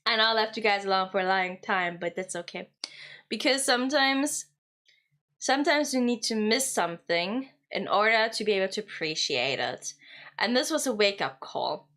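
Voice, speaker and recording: A woman's voice: mid-range voice, animated, normal speed, a bit bright. A young woman, chatting casually and playfully with her stream viewers and giggling often. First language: German.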